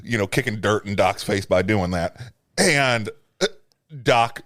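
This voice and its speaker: A man's voice: fairly low pitch, unhurried, a bit bright, no room sound, clean studio sound. A man co-hosting a podcast, arguing his reading of a film emphatically with plenty of swearing. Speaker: podcast co-host. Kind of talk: casual movie review chat.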